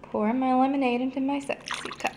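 A woman's voice: high-pitched, steady tone, brisk, a little mellow, a little hiss or hum. A teenage girl chatting casually as she films herself at home on a handheld camera, narrating what she does. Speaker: vlogger. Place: home kitchen, indoors.

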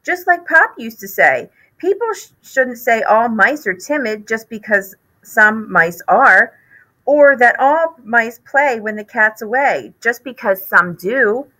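A woman's voice: fairly high pitch, animated, takes it slowly, sharp tone, pitched above the performer's own voice, heavily acted, low-quality recording. A woman voicing an eager, boastful young boy mouse in a read-aloud storybook.

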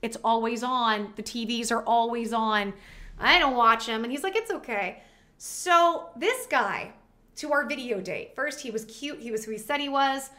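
A woman vlogger chats straight to her viewers in a high, lively voice. Her tone is bright and a little sharp, and she tells her story in an animated, casual way with quick asides.

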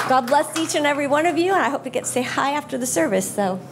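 A woman's voice: high voice, expressive, racing, background noise. Earnest woman giving church testimony. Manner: heartfelt, earnest. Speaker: guest speaker.

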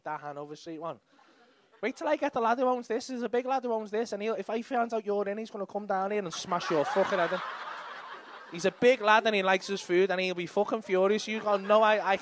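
A young man with a Liverpool accent doing brash, sweary crowd work as a stand-up comedian on a club stage. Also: high-pitched. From England.

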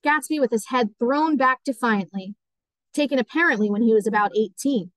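Woman teacher narrating an audiobook; steady, clear, higher voice, dry close sound. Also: normal speed, no room sound, low-quality recording.

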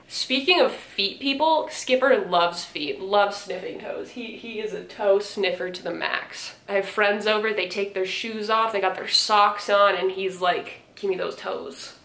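A woman's voice: medium pitch, a little slow, few pauses, a bit bright. A woman giving casual, sarcastic reaction commentary, laughing and swearing as she reads passages aloud. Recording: echoey room.

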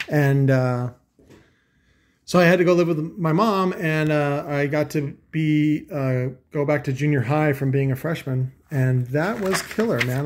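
A man's voice: fairly high pitch, vocal fry, darkish tone. A middle-aged man rambling crudely and sarcastically as he pages through an audio magazine, mocking what he reads. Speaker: vlogger reviewing audio magazine. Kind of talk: casual profane rambling commentary.

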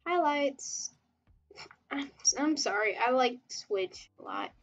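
Brief: high-pitched woman, giggly rambling livestream chat while drawing, slightly muffled, soft music underneath. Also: animated, slow pace. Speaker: webtoon artist streamer.

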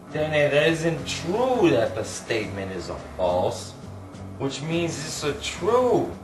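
Frazzled mock-Italian pizzeria guy played by a man, hammy and slow, slightly high, echoey and off-mic with music under it. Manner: broken-English rambling, hammy and theatrical. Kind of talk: amateur comedy sketch. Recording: echoey room, distant mic, music behind.

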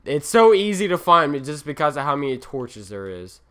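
A young man talks his way through a session of his game, rambling and poking fun at himself as he wanders between tasks. His voice is bright and forceful, with a smooth, crisp tone. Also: a little high, very animated, normal speed. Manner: rambling, self-mocking, easily distracted. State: tired. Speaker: gaming channel host. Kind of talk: Let's Play commentary.

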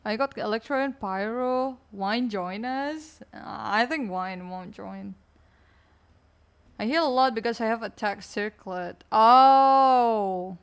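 A woman streaming a game, chatting casually with teammates in a low, weak, energy-saving way. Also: slow, clean tone. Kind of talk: casual live-stream chat while gaming.

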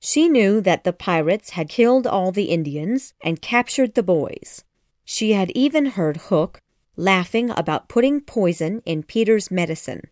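A woman narrating a children's classic audiobook in a measured, expressive storytelling manner. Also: medium pitch, dry recording, clean studio sound.

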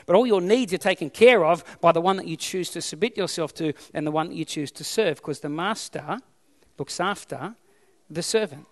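A man's voice: a little high, normal speed, big-room sound. An Australian man preaching a sermon as pastor, emphatic and repeating his key phrases.

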